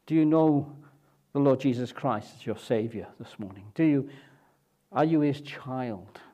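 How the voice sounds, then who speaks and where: A man's voice: medium pitch, a little slow, warm tone, dull audio. A man pastor preaching a sermon in a conversational way, often asking the congregation rhetorical questions.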